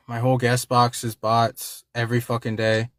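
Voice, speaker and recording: A man's voice: medium pitch, dry recording, studio quality. A man hosting a livestream, talking casually and with frustration to his chat, swearing and repeating himself. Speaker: livestream host.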